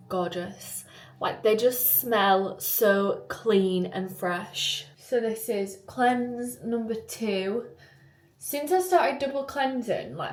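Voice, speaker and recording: A woman's voice: medium pitch, darkish tone, a little hiss or hum. A young woman in her twenties talking casually to camera in a vlog, chatty and rambling, in a bathroom at home. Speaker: vlogger. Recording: roomy echo.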